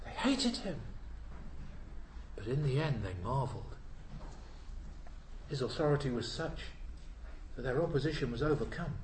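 A man preaching a sermon in a church. He asks the congregation rhetorical questions and swings between loud emphasis and hushed asides. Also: medium pitch, lively intonation, normal speed, pauses often, reverberant, slight background noise, poor audio.

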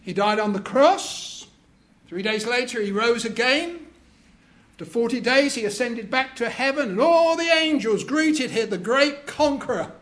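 Preacher guy, high voice, slow and emphatic, jokey asides. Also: expressive, a bit bright. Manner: deliberate, emphatic, joking with the audience. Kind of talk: sermon.

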